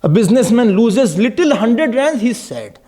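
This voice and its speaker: A man's voice: very high voice, very animated, moderate pace, dark tone. A man giving an impassioned devotional discourse as a spiritual teacher, pleading and exhorting his listeners. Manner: impassioned, mixing in Hindi verses and pleading cries.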